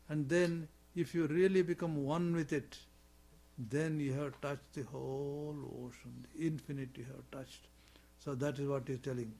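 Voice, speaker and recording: A man's voice: on the high side, a little mellow. A man giving a spiritual talk on scripture, chanting in Sanskrit and explaining with repetition and rhetorical questions in slightly imperfect English. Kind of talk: sermon on scripture.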